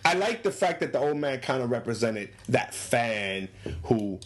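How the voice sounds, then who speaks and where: Animated man acting out scenes. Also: normal speed. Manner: animated, acts out characters in high voices, laughs often. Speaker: movie discussion co-host. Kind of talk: casual chat.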